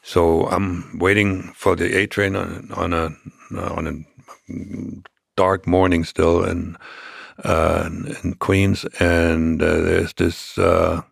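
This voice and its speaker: An older man, telling his story as an interview guest, halting with many restarts and fillers. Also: deep voice, flat delivery, vocal fry, no echo, studio quality. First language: German.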